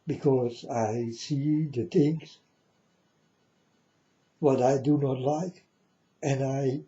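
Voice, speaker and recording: A man giving a mournful prophetic warning monologue, slowly speaking straight to his listeners and calling them folks. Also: medium pitch, fairly even intonation, mellow. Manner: slow, mournful, repeatedly addresses listeners as folks. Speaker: self-styled prophet. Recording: dull lo-fi audio.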